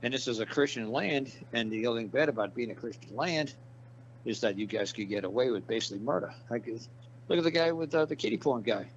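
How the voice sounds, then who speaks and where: A man's voice: medium pitch, expressive, fast talker. A man giving a casual interview, blunt and profane, rambling through stories and repeating his points. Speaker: interview guest. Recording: dull lo-fi audio with background hiss.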